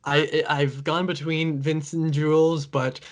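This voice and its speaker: A man hosting a casual podcast conversation, relaxed and loose with fillers. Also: on the high side, measured pace. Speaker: host.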